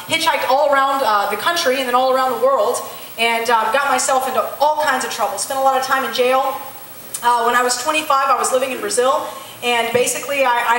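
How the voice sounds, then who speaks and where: A woman's voice: a little high, a bit bright, a little hiss or hum. Woman in her late 20s, echoey church hall. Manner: candid storytelling, acts out dialogue, frequent ums. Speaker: missionary giving her testimony. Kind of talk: personal church testimony. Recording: echoey hall, heard from far off.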